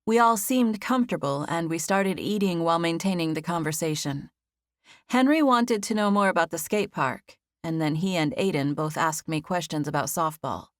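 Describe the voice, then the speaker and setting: Female audiobook narrator, gentle first-person storytelling, slightly low voice, dry studio mic. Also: moderate pace, dry recording.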